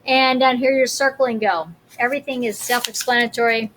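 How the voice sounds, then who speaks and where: A woman teacher reading a children's picture book aloud, expressive, with chatty asides to young listeners. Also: on the high side, brisk, slight background noise.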